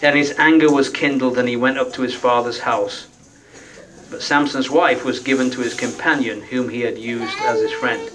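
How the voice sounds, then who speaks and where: A man's voice: mid-range voice, fairly even intonation, normal speed, fairly bright tone. Folksy preacher man, slightly distant mic. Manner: conversational, folksy, with frequent rhetorical tag questions. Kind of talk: sermon.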